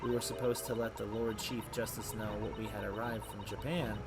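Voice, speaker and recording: A man voicing a polite, composed young female assistant from a story game, reading her lines in a quiet, soft tone. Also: fairly low pitch, flat delivery, fairly quick, over loud music, pitched below the performer's own voice, lightly acted.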